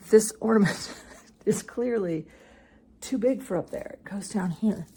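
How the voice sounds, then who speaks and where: A woman's voice: mid-range voice, measured pace, dark tone, slight background noise. A woman comedian in a playful, conspiratorial monologue, often dropping to a half-whisper.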